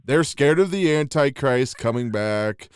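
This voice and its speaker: A man's voice: medium pitch, lively intonation, a little slow, smooth, no echo, studio quality. A man hosting a podcast, talking in a casual, joking and emphatic way and laughing often. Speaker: podcast host.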